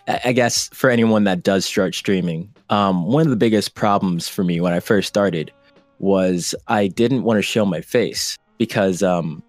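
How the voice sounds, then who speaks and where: Podcast guest: a low-pitched man, halting and casual, recorded dry. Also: dry recording. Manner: hesitant, many fillers and restarts. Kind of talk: casual conversation.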